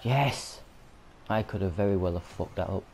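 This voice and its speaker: A lower-voiced man with a Yorkshire accent rants and swears as he plays a video game. He keeps up a running commentary that bursts into loud frustration. A faint hiss of noise sits behind him. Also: normal speed. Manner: swearing, ranting, frequent angry outbursts. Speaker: gamer. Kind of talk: gaming commentary.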